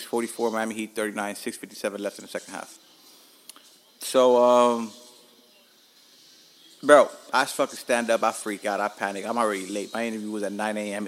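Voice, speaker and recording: A podcast host with a lowish voice tells stories from home over slight background noise. His delivery is casual, animated, and heavy on swearing, with laughter at his own expense.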